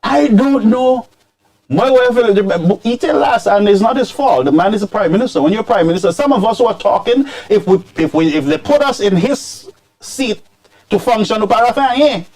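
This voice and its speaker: A man hosting political commentary, scolding and animated, dropping into Creole phrases. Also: high-pitched, normal speed. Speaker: commentary show host.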